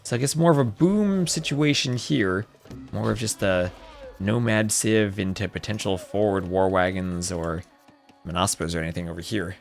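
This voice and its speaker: A man commentating a live strategy game tournament, chatty and excitable, chatting with viewers between plays, with faint music behind. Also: on the low side, normal speed, creaky. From New Jersey. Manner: chatty, reads chat aloud, excitable outbursts. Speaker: esports caster.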